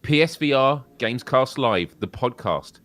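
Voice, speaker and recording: A man's voice: mid-range voice, expressive, measured pace, a bit bright, dry recording. A British man co-hosting a gaming podcast, joking and laughing often in casual chat. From United Kingdom. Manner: jokey, laughs often, chatty. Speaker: podcast co-host.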